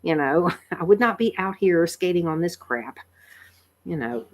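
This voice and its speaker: A woman, chatting casually with viewers on a livestream, tired and a bit croaky, laughing often and rambling with fillers. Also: fairly low pitch, expressive, a little slow. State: tired, frog in her throat. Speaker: livestream host. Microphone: computer microphone.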